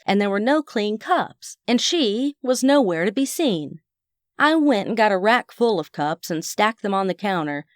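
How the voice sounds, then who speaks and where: A woman's voice: mid-range voice, dry recording, studio quality. Wry chatty female audiobook narrator. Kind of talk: first-person audiobook narration.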